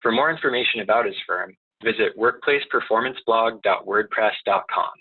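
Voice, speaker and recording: A man's voice: on the low side, brisk, husky. A man hosting a webinar, reading out a speaker's introduction. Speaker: chapter host. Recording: tinny phone-like line.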